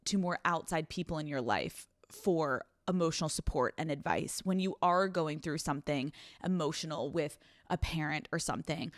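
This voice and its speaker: A young woman hosts an advice podcast on no sleep, speaking bluntly, swearing freely, and acting out scenes with quoted voices in an animated way. Her low-pitched voice moves at a normal speed with hardly any pauses. The studio sound is clean, with no echo.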